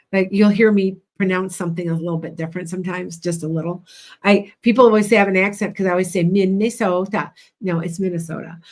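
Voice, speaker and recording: Midwestern Chicago-accented woman, chatty and blunt, livestream psychic host, mid pitch. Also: a little mellow. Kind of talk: casual livestream readings.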